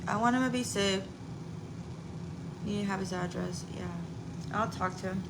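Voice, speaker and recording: A chatty woman in her forties talks through a live stream like she is catching up with friends, candid and a little profane. Her voice sits at an ordinary pitch, with a steady hum of background noise under it. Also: unhurried, gravelly. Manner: chatty and candid, swears casually, laughs often. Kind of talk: casual live-stream chat.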